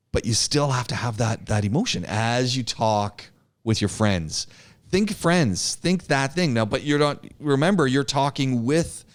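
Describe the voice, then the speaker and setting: Animated man teaching public speaking. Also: mid-range voice. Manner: animated, acts out sample chats, frequent restarts. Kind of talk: classroom lecture with feedback.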